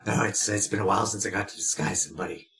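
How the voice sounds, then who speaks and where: A man's voice: lowish voice, fairly even intonation, very fast, background noise. A man playing a tabletop game, teasing the others with dry jokes. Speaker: player. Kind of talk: casual tabletop game chat.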